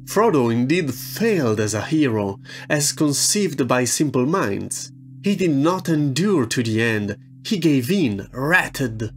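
A man giving scripted narration for a video essay in a measured, reflective way. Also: mid-range voice, very animated, faint music behind.

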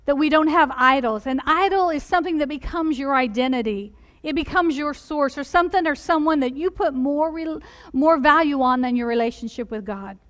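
A woman with a high, light voice delivers a sermon, pressing her congregation with one direct question after another. She turns quiet and tender when she speaks of gentle things. The sound is that of a church service. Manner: earnest, asks the listeners many direct questions. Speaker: preacher. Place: church sanctuary.

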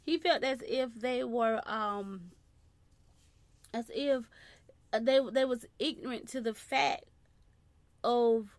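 A woman preaching a sermon, constantly breaking in with short praise phrases and dropping to soft murmurs between points. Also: on the high side, takes it slowly, long pauses, no echo.

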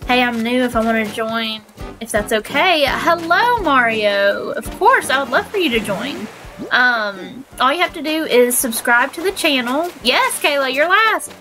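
A young woman with a high voice hosts a live game stream and chats with viewers in an excitable, giggly way. She sounds a little stuffy from allergies. Game music plays clearly behind her. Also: measured pace, rough recording. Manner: excitable, giggly, squeals when finding players.

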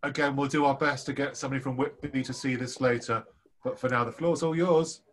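A man's voice: mid-range voice, fairly even intonation, brisk, a bit bright. Man, session host, encouraging, friendly, video call. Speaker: course leader hosting the session. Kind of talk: moderating student presentations.

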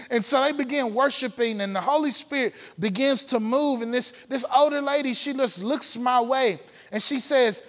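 A man's voice: very high-pitched, moderate pace, few pauses, fairly bright tone, long reverb tail. A man preaching a testimony sermon, telling his story earnestly with frequent filler sounds. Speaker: pastor. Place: church sanctuary.

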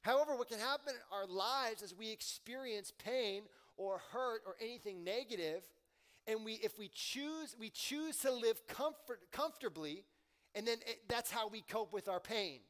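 A man pastor preaching a casual sermon, swinging between loud emphatic questions and quiet asides. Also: high voice, animated, moderate pace. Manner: conversational preaching with slang and swings in volume.

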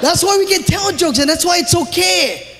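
A man with a Hawaiian Pidgin-tinged accent doing loud, animated live stand-up in a large theatre. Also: extremely high pitch, moderate pace, gravelly, big-room sound. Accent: Hawaiian Pidgin-tinged English. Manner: loud, animated, shouting punchlines. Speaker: stand-up comedian. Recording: live theatre recording with audience noise.

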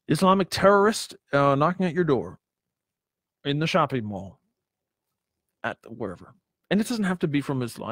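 Guy preaching a sermon, kinda high voice, dry close sound, keeps hammering the point w questions. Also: dry recording. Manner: emphatic, repeats himself, asks the listeners rhetorical questions.

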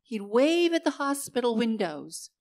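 A woman's voice: a little high, sing-song, measured pace, a little mellow. An older woman pastor giving a heartfelt sermon, repeating phrases for emphasis.

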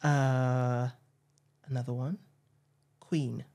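A woman interviewer asking questions and running a word game, softly encouraging her guest. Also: rumbling low, level tone, extremely slow. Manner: soft, encouraging backchannels.

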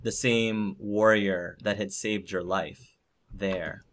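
A man's voice: fairly low pitch, fairly even intonation, slow, fairly bright tone. A man narrating a tabletop game as game master, hesitant, with many fillers.

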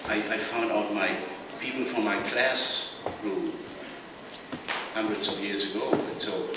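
A very deep-voiced man gives a halting opening speech, stopping often to search for words. He is heard from far off in a huge echoing hall with long reverb, and a loud noise floor sits under his voice. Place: large ceremonial big house.

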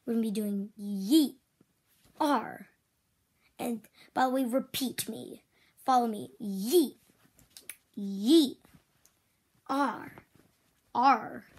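A woman voicing a strict female toy karate teacher in make-believe play, switching between loud drill shouts and whispers. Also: fairly high pitch, slow pace, long pauses, husky, full character voice. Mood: bossy.

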